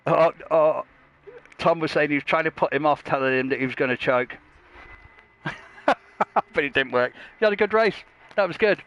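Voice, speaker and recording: A man's voice: on the high side, moderate pace, pauses often, fairly bright tone, lo-fi sound. A man doing casual, jokey race commentary with crude banter and frequent laughter.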